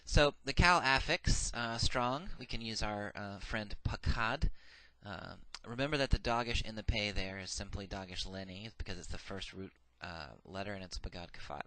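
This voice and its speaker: A man's voice: lowish voice, normal speed, hardly any pauses, bright, forceful tone, no room sound. A man giving a recorded grammar lecture, methodical and patient, saying each form twice with frequent "uh" fillers. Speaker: Hebrew grammar teacher.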